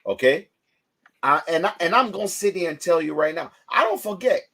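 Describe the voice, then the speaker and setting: Animated man telling stories on a livestream. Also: a little high, brisk. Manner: animated storytelling, acts out quotes loudly. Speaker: host. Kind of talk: casual livestream chat.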